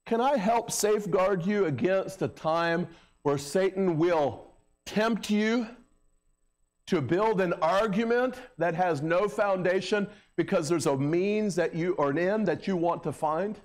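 A middle-aged male pastor preaching a sermon in a church, talking in a conversational way with filler words and raising his voice when he mocks a crowd. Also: high-pitched. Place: church sanctuary. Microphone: handheld or stand microphone.

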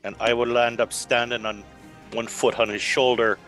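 A man's voice: mid-range voice, little pitch movement, moderate pace, a bit bright, soft background music, poor audio. A man playing a tabletop game, playful and joking with the group. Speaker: player. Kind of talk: casual tabletop game play.

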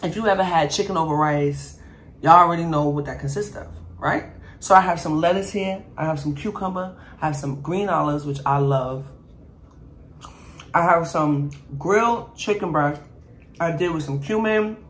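A woman's voice: sits low, moderate pace. A woman vlogging as she cooks and eats. She chats straight to viewers as "y'all" and brags playfully about her food while she tastes it. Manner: talks while tasting and eating. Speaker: cooking vlogger. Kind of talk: casual cooking and eating vlog.

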